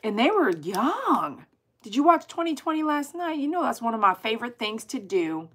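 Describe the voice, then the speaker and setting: A woman chatting casually with viewers on her livestream, animated and exclaiming as she reads comments aloud. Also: on the high side, moderate pace, slightly rough. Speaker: dog groomer hosting a livestream.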